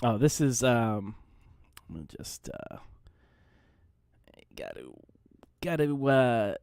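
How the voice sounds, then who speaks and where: A man hosts a reaction video, commenting slowly and hesitantly, full of ums and restarts. His voice is dry and close, with a lively rise and fall. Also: mid-range voice, clear, resonant tone, dry recording. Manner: hesitant with many fillers. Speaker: host.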